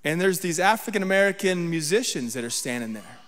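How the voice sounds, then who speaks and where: A man's voice: a little high, expressive, a little fast, a bit bright, in a large hall. A man giving a sermon as guest preacher, talking conversationally and often checking in with the congregation. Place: church sanctuary.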